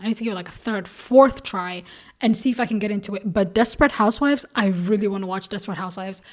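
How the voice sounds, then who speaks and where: A young woman vlogging in casual chat, ranting animatedly with lots of fillers and laughing asides. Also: a little high.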